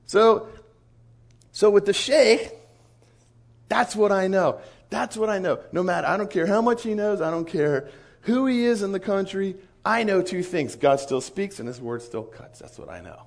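A man preaching in an animated storytelling sermon, acting out the dialogue of the people in his stories. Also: high-pitched, normal speed, vocal fry. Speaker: pastor.

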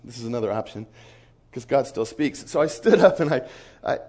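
A man giving a storytelling sermon as a missionary speaker, animated and acting out the voices of people in his stories. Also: medium pitch, brisk. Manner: animated, acts out quoted voices. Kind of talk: storytelling sermon to a conference crowd.

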